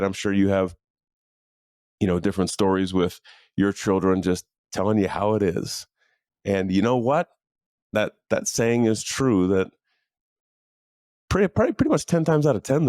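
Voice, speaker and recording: Low-voiced man hosting a coaching podcast. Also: moderate pace, pauses often, a little mellow, dry recording, studio quality. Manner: earnest, conversational, with frequent fillers and restarts. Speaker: podcast host and leadership coach. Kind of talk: casual motivational monologue. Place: home office. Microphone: studio microphone in a home office.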